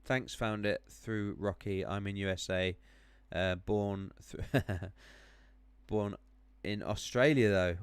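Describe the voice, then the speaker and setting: A man's voice: fairly low pitch, slow pace, smooth, no echo. A man running a live stream on crypto charts, chatting with viewers, rambling with many ums and self-corrections while clicking around.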